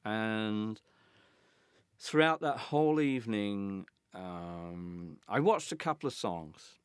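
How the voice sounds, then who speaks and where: An older man recounting a backstage story in an interview, animated, acting out the others' lines and often stammering into restarts. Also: fairly low pitch, slow, clean tone, no room sound, clean studio sound. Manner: animated, acts out quoted voices, stammering restarts. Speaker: interviewee, former band guitarist.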